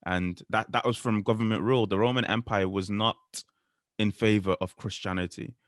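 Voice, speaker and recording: Deep-voiced earnest man co-host. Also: fairly even intonation, no room sound, studio quality. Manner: earnest, quotes scripture, measured. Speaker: podcast co-host. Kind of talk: casual faith discussion.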